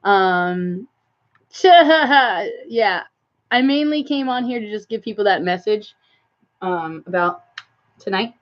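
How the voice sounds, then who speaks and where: A woman chatting loosely on a live stream, drifting between thoughts with plenty of "like" and "um." Her voice sits at an ordinary middle pitch. The audio is a little dull and lo-fi, as from a phone or webcam mic. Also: animated, slow, long pauses. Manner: rambling, filler-heavy, talks to viewers and her cat. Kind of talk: casual live stream chat.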